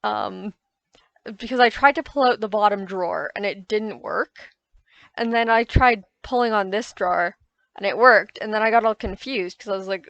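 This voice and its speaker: A woman's voice: mid-range voice, normal speed, gravelly, a bit bright, dry recording. Chatty woman narrating her gameplay. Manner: rambling, self-correcting, recounting frustrations. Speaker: gaming YouTuber. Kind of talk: casual gameplay voice-over commentary.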